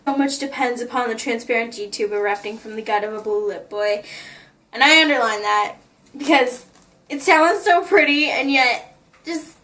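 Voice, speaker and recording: A woman's voice: on the high side, normal speed, bright, forceful tone, distant mic. A woman vlogger chatting in a gushing way about the notes she wrote in a book, often laughing. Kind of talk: casual chat, reading out her notes.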